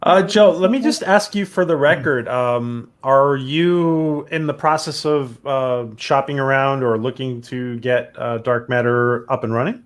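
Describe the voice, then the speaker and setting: A man with a middle-pitched voice hosts a podcast panel. He puts questions to the guest plainly, with some ums and restarts. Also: measured pace, hardly any pauses. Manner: asks questions with fillers. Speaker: podcast host. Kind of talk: interviewing on a podcast.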